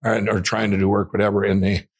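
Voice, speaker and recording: A man, a guest in an interview, telling a long personal story in an animated way, with frequent restarts and acted-out quotes. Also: on the low side, quick pace, vocal fry. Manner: animated, restarts often, acts out quoted voices.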